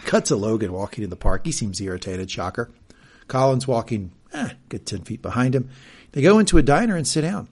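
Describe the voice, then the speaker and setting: Male podcast co-host, lively swooping delivery, jokey recap chat. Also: medium pitch, husky. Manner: reads show quotes in mock voices, quick and joking.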